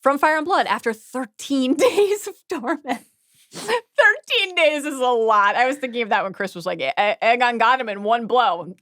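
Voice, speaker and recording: A woman co-hosting a podcast in a casual recap chat, playful and animated, sometimes reading book passages aloud. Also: a little high, moderate pace, no echo, clean studio sound. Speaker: podcast co-host.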